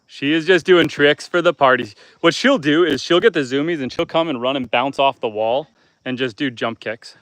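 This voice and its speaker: A man's voice: fairly high pitch, normal speed, fairly bright tone, no echo. A man hosting a live stream from his homestead, chatting casually, talking to his goats and reading out viewer comments. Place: outdoors on a homestead among goats.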